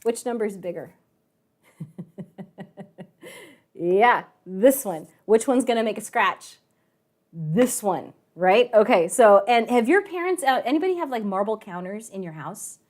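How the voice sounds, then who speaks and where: A woman's voice: mid-range voice, animated, unhurried, pauses often, a little mellow. A woman teaching a live online math class, chatty and telling a story, often asking the kids questions.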